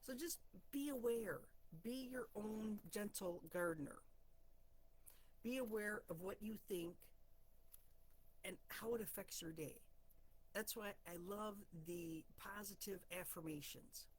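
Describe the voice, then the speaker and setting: A middle-aged woman with a slightly husky voice, chatting casually on a live stream. She talks in a lively, encouraging way and slips easily into telling stories. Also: medium pitch, a little slow, poor audio. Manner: chatty and animated, storytelling. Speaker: host of a spiritual card-draw live stream. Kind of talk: casual motivational talk.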